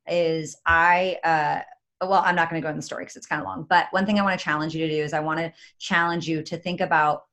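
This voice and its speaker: A woman giving an energetic, chatty motivational talk as a guest on a video call, with many fillers. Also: sits low. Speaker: guest speaker.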